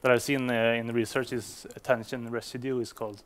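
Speaking English as a Swedish native, this man addresses developers at a conference in a hesitant way, with many fillers and restarts. His mid-range voice moves briskly, and his delivery stays flat.

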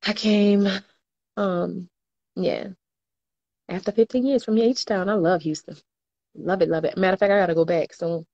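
A woman's voice: on the low side, steady tone, moderate pace, long pauses, a little mellow, highs cut off. A woman, chatting casually on a livestream and reading viewer comments aloud with slangy laughter. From New Orleans, US. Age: 20s. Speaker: livestream host.

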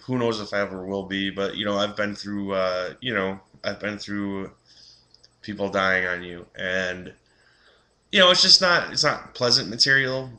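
A man's voice: lowish voice, sharp tone. A young man giving a casual, rambling film review, full of fillers and restarts.

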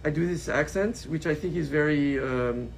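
A man's voice: on the high side, moderate pace, a little hiss or hum, rough recording. A man answering as a panel guest, hesitant and full of fillers. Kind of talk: casual panel Q&A.

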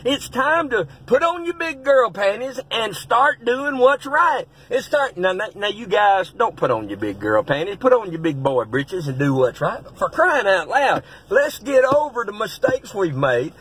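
A middle-aged male pastor, giving a fiery, folksy pep talk that rises to shouts. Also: high-pitched, sing-song, unhurried, few pauses, husky, rough recording. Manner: folksy, blunt, rising to shouts.

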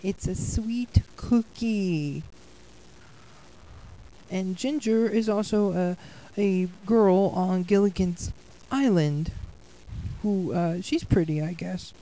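A woman voicing an easygoing male cartoon cat in a fan-made cartoon, talking in a rambling, halting way. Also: mid-range voice, dark tone, a little hiss or hum, rough recording.

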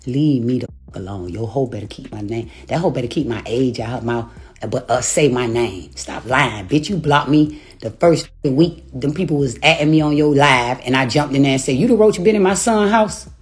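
A woman's voice: rumbling low, moderate pace. A woman on a phone livestream from home, delivering a taunting, profane rant and laughing between her insults. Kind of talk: profane live-stream rant. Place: home, a rented house.

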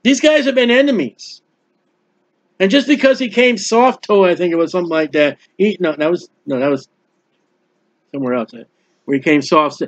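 Animated man preaching, lo-fi recording. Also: high-pitched, moderate pace, long pauses. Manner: animated, acts out biblical characters, quotes scripture. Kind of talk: expository Bible sermon. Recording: dull lo-fi recording.

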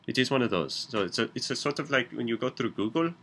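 A man's voice: mid-range voice, animated, quick pace, a bit bright, a little hiss or hum. A man casually explaining something to his viewers, rambling and searching for his words as he goes. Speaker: video maker.

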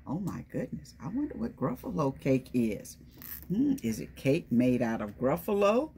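A woman's voice: sits low, big pitch swings, normal speed, vocal fry, mellow, a little hiss or hum. A woman reading a picture book aloud to young children, stopping often to ask them questions and call on them by name. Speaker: children's storytime presenter.

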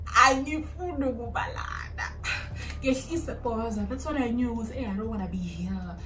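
A woman's voice: on the high side, normal speed, distant mic, over music, low-quality recording. A woman in her twenties with a South African accent, telling a personal story casually, switching languages and acting out what people said. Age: 20s. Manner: animated, acts out quotes. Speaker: storytime vlogger. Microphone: phone camera.

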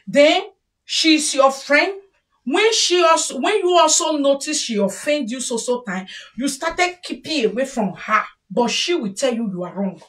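High-voiced Nigerian woman lecturing. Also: lively intonation, unhurried, a bit bright, recorded from a distance. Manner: lecturing, scolding, mixing pidgin. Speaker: vlogger. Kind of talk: casual advice monologue. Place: home.

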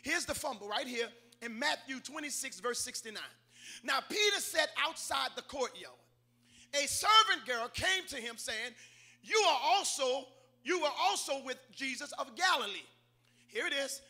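A man preaching a sermon, calling on the congregation and rising to shouted climaxes. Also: extremely high pitch, lively intonation, moderate pace. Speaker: pastor. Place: church sanctuary.

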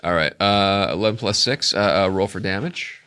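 A man's voice: low-pitched, moderate pace, bright, forceful tone, smooth. A man running a tabletop game as game master, narrating in a rambling way full of fillers.

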